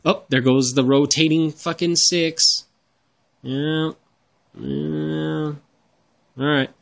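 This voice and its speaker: A man's voice: fairly high pitch, expressive, very slow, vocal fry, slight background noise. Profane, exasperated man ranting. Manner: profane, rambling, exasperated, repeats himself. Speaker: religious YouTube commentator. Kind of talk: heated reaction rant over screen-shared videos.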